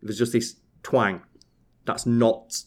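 A man from Yorkshire co-hosting a podcast, talking casually but slowing down and over-pronouncing his words. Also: medium pitch, flat delivery. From Yorkshire, England. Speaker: podcast co-host.

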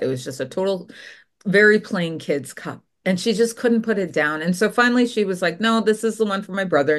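A woman from Canada, a potter, telling stories in a casual interview and acting out the voices of people she quotes. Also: on the low side. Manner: animated storyteller, acts out quoted voices.

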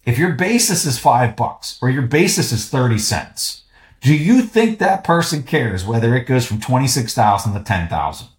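A man with a Southern US accent talks in a middle-pitched voice, emphatic and fired up, with a teasing edge. He is a podcast guest in casual conversation, recorded in a roomy space with a noticeable echo. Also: very animated, moderate pace.

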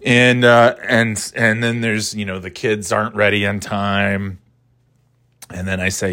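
A man's voice: on the low side, flat delivery, unhurried, pushed and bright, dry recording. Profane, sarcastic man on a dry mic. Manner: frequent restarts and stumbles. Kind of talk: rambling casual rant.

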